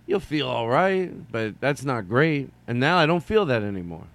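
A middle-aged man hosting a solo comedy podcast, rambling and joking, jumping from loud bursts to mumbled asides. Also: mid-range voice, very animated, moderate pace. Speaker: podcast host.

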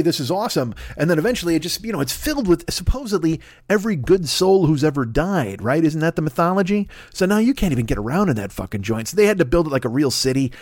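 A man's voice: a little high, dry recording, clean studio sound. Middle-aged man riffing profanely. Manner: profane, riffing, slips into quick voices for made-up characters. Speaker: podcast host. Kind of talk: rambling comic monologue.

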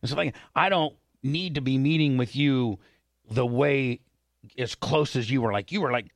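A man's voice: medium pitch, normal speed, no room sound, studio quality. A man hosting a radio show, rambling in crude, profane comic banter. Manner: profane, rambling, mimics others.

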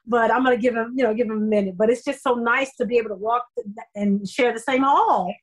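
A middle-aged actress answers interview questions with a rather high voice. She tells her story effusively and with feeling, breaking into animated quoted asides. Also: quick pace, husky, poor audio. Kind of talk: conversational interview.

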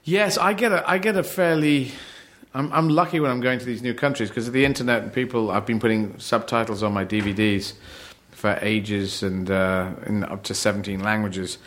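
A man's voice: lowish voice, moderate pace, few pauses, a bit bright. Playful rambling middle-aged man. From born in Yemen. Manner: rambling, playful, jumps into mock voices. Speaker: comedian guest. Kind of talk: casual podcast chat.

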